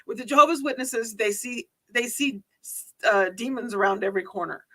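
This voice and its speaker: Bright, expressive woman chatting. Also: fairly high pitch, normal speed. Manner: expressive, laughs easily, earnest. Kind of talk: casual chat.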